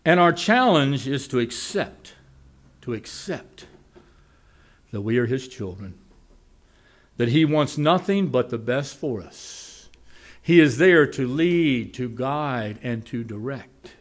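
Folksy guy preaching, mid pitch, homespun stories, goes loud then real quiet. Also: animated, slow pace. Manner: folksy storytelling, swinging between loud and quiet. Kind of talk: sermon.

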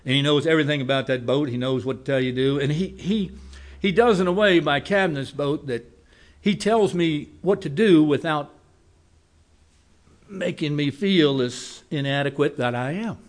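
A man with a fairly high voice preaches a sermon, telling a homespun story in folksy fashion. He moves between loud, quick lines and slow, quiet ones.

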